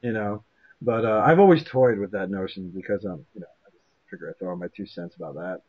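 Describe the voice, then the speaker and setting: A man hosting a casual interview chat, animated and self-deprecating, swearing freely. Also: on the low side, fast talker, slightly rough, lo-fi sound. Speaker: show host.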